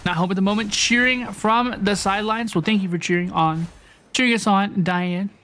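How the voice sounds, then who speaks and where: High-voiced playful male game streamer. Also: fairly even intonation, normal speed. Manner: playful, chatty, greets chat warmly, repeats phrases. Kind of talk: casual live-stream chat while gaming.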